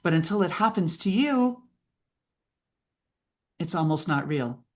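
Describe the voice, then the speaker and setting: Animated woman mentor telling stories. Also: on the low side, measured pace. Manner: lively storyteller who acts out quoted voices and often asks "right?". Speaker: podcast guest and business mentor. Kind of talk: animated interview conversation.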